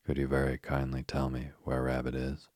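A man voicing a simple, cheerful male teddy bear in a storybook reading, speaking gently and politely. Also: extremely low pitch, completely flat delivery, moderate pace, no echo, clean studio sound.

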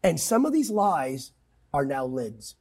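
Brief: male pastor guest, high gravelly voice, emphatic preaching cadence. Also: sing-song, unhurried, darkish tone. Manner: emphatic, quotes scripture, swings pitch widely. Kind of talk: impassioned preaching in conversation.

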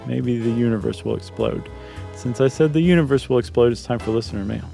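A man's voice: mid-range voice, a little fast, gravelly, mellow, faint music behind. A man co-hosting a podcast, chatting casually and rambling with fillers and jokey asides. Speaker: podcast co-host. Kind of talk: casual chat.

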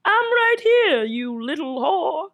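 A woman voicing a shrill elderly Juliet, quavering and drawn out. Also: sing-song, takes it slowly, a bit bright, full character voice. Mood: dramatic.

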